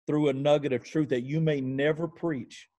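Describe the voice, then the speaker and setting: A man hosting an interview, thoughtful and measured, often restating his points. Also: a little high, fairly even intonation, dark tone. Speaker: interview host. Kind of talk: casual interview conversation.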